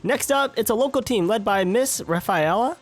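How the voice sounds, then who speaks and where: Upbeat tourney announcer read by a guy on stream, lively pitch, faint game music under it. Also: normal speed. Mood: hyped. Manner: reads game lines aloud, brighter and higher than his own talk.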